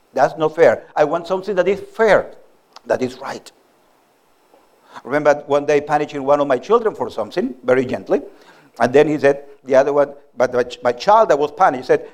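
A middle-aged man delivers a sermon in a notably high voice. He teaches earnestly and plainly, building his points from everyday examples. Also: lively intonation, a little fast. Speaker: preacher.

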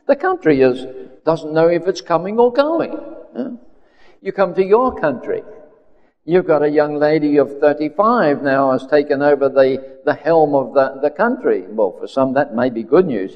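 Australian male preacher, conversational sermon delivery, medium pitch, dull recording in a long-reverb hall. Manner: unhurried, conversational with frequent fillers.

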